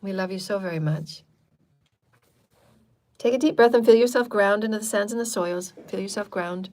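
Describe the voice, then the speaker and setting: A woman's voice: medium pitch, moderate pace, darkish tone. A woman hosting a live channeled spiritual talk, speaking in repetitive, chant-like affirmations and loose, chatty asides. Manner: chatty and loose, with frequent fillers.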